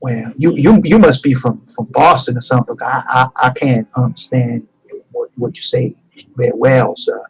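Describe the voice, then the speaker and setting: A man voicing a slow-talking male musician with a Southern US accent, drawling. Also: mid-range voice, breathy edge, low-quality recording. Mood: puzzled. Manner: drawling, slower than usual.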